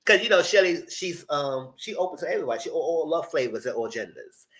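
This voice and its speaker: A man giving a live casual recap of a reality dating show, acting out the quoted lines and breaking into high-pitched excitement. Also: fast. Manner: animated, breaks into high shrieks and laughter when excited; acts out quoted lines in voices.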